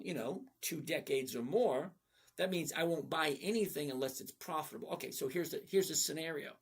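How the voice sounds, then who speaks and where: He's a middle-aged man hosting a live stream, giving blunt, folksy, casual answers to chat about trading and often asking "okay?" The voice is somewhat high, gravelly and husky.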